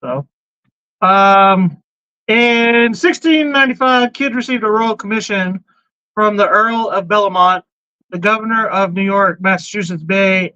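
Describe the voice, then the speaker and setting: A man with a high, sharp, bright voice hosts a loose podcast chat, blunt and quick to swear as he hops from one topic to the next. The recording is dull and lo-fi, with a dry sound and no room echo. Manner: blunt, swears freely, jumps between topics. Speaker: podcast host. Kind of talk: casual chat, reading out chat comments.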